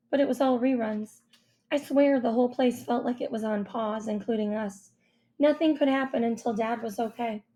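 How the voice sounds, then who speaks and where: Mellow-voiced woman narrating a children's story. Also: a little high. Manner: expressive, childlike first-person storytelling. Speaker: audiobook narrator. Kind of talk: first-person storybook narration.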